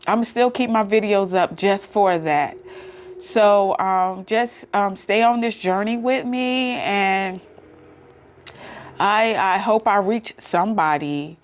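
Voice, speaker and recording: Chatty woman vlogger with AAVE. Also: mid-range voice. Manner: chatty, emotional, laughs easily. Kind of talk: casual talk to camera.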